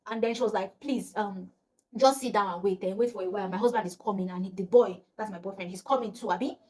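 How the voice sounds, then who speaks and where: A young woman from Nigeria with a Nigerian accent, telling a personal story in casual vlog chat and acting out the voices of the people in it. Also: quick pace. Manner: animated, acts out quoted voices, often drops to a low murmur. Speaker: storyteller vlogger.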